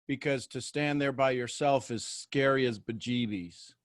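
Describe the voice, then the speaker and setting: A man's voice: medium pitch, a little slow, no room sound, clean studio sound. A man hosting a group video call, speaking in a playful, encouraging way. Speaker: host.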